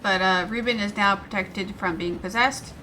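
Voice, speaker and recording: Bright-voiced woman thinking aloud. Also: medium pitch, moderate pace, a little hiss or hum. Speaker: player. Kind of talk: casual tabletop game chat.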